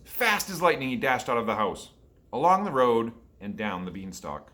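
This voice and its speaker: Male storyteller reading a picture book to kids, bright and forceful. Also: medium pitch, big pitch swings, moderate pace. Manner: asks children questions. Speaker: storyteller for children.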